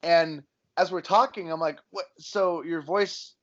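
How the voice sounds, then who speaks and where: A man's voice: a little high, unhurried. Male radio host, easygoing interviewer, muffled audio. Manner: relaxed, chatty, laughs along with guest. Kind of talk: casual interview chat.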